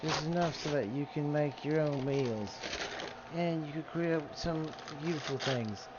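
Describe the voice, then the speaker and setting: A man's voice: on the high side, unhurried. A man chatting casually to himself while cooking, drawling and swearing as he goes. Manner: drawling, profane, talks to himself. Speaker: gaming streamer. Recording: dull, noisy home recording.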